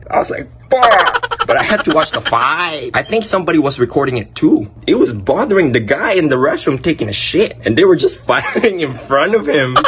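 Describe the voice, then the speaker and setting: A young man casually telling funny school stories, animated and profane, breaking into laughter. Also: on the high side, heavy background noise. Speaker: vlogger. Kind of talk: casual storytelling.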